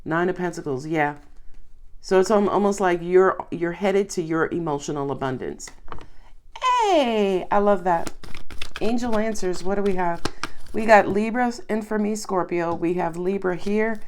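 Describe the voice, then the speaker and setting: A woman's voice: on the low side, animated, a little slow, slight background noise. A woman with a Southern US accent giving a chatty, reassuring tarot reading to her viewers. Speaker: tarot reader.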